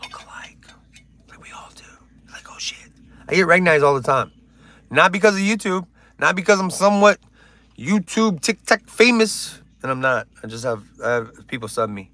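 A man chatting loosely on a livestream, cracking jokes and reading chat aloud. His voice sits fairly high for a man. The sound is close and dry, with no room echo. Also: lively intonation, normal speed, bright, forceful tone. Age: older. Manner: rambling, joking, reads chat aloud. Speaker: livestream host.

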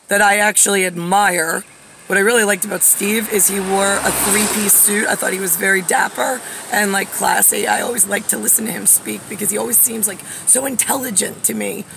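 A woman's voice: medium pitch, normal speed, gravelly, noisy background. A woman in her forties talking straight to camera in a rambling personal monologue, wandering off topic with lots of fillers and getting heated enough to swear. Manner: digressive, many fillers, grows heated and swears. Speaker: vlogger.

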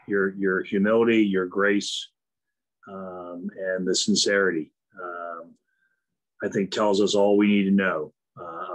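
A man's voice: sits low, poor audio. A man hosting an award ceremony over a video call, speaking earnestly with frequent ums and uhs. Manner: many fillers, earnest and praising. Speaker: event host.

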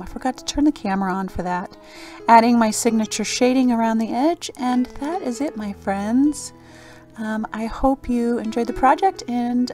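A woman art vlogger talking casually and earnestly about her project, with many pauses and "um"s. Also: medium pitch, poor audio. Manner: warm, earnest, many "um"s, gets emotional. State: a little emotional. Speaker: mixed-media art vlogger. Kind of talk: casual art tutorial and heartfelt talk.

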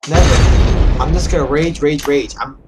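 A woman's voice: low voice, normal speed, heavy background noise. A young woman commentating her gameplay, swearing and ranting in frustration as she keeps failing. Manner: swearing, frustrated, yelling at the game. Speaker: gaming YouTuber.

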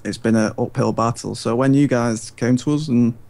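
A man appearing as a guest in a live Q&A, explaining things in a relaxed, easygoing way. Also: mid-range voice, normal speed, creaky. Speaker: guest, forum representative. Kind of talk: casual live Q&A chat.

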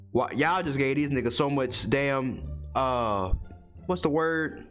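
A man's voice: medium pitch, slow pace, a bit bright, soft background music. A young man, reacting to an anime episode in casual, profane commentary with incredulous outbursts.

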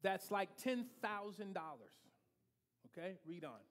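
A man's voice: high voice, sing-song, unhurried. A man preaching a sermon as pastor, calling out to his congregation and directing a reader. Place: church hall.

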